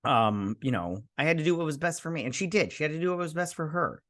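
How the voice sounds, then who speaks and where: A man's voice: a little high, expressive, fast talker, fairly bright tone. A man hosting a casual review show, recapping an episode in a sarcastic, exasperated ramble full of fillers and restarts, slipping briefly into the characters' lines. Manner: sarcastic, exasperated, mimics characters mid-story.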